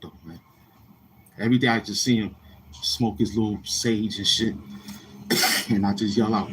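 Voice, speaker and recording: A man's voice: normal speed, long pauses, fairly bright tone, a little hiss or hum. Slangy rambling man telling stories. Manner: slangy, rambling, repeats himself, acts out others in a higher voice. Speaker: YouTuber. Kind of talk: casual street-talk storytelling.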